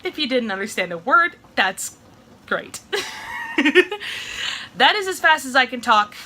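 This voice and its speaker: A woman's voice: high-pitched, sing-song, sharp tone, slight background noise. A young woman with a Midwestern accent, chatting in a rambling, giggly way while she cooks. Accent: Midwestern American. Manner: rambling, giggly, fast storytelling. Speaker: vlogger. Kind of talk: casual vlog chat while cooking.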